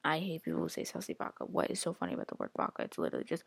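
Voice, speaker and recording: Woman, podcast host: rambling casual chatter, lowish gravelly voice with a lot of lift. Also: wildly swooping pitch, very fast, dry recording. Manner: rambling, chatty, heavy use of filler "like"; reacts aloud while scrolling an app. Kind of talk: casual solo podcast chat.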